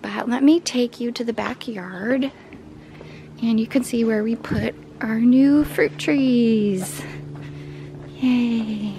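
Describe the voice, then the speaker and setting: Woman, casual home vlog chat, gravelly texture, slightly high, rambles and coos at a pet. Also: slow pace, mellow, a little hiss or hum. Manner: chatty, rambling, coos at her dog in a high voice. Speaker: vlogger. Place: home and backyard garden.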